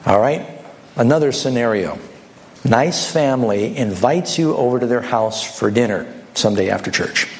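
A male pastor preaching a sermon, telling illustrative stories with lively, animated delivery. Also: mid-range voice, moderate pace, creaky, a little hiss or hum. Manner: animated storytelling, acting out voices.

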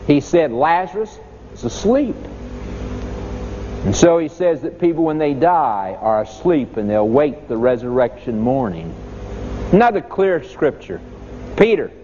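A man's voice: fairly high pitch, very animated, a little slow, dark tone. A man preaching a sermon, emphatic, with dramatic rises and falls in his voice. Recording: echoey hall, dull lo-fi sound, faint noise.

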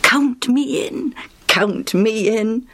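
A woman voicing an excitable, anxious man from a distant town, high and breathy, in a storybook reading. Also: very slow, exaggerated voice. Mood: hushed.

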